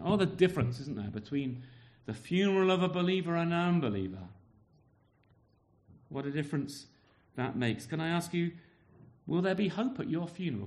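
A man preaching a sermon, asking the congregation rhetorical questions and often repeating his words. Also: high voice.

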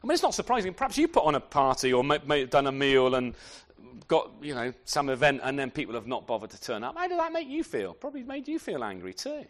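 A man preaching a sermon to his congregation, animated and often repeating words as he restarts his sentences. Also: medium pitch, quick pace. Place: church.

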